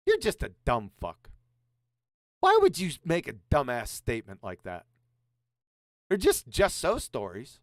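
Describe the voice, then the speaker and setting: A man's voice: high-pitched, huge pitch swings, measured pace, a bit bright, no echo, studio quality. A man hosting a show, mocking a video in abrasive, profane commentary. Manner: sarcastic, abrasive, swears a lot. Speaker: show host reacting to a video.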